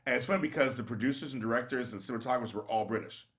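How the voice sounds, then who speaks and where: A man hosting a casual interview, chatty and quick to laugh. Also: mid-range voice, fairly bright tone. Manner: fast, chatty, laughs easily. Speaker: host.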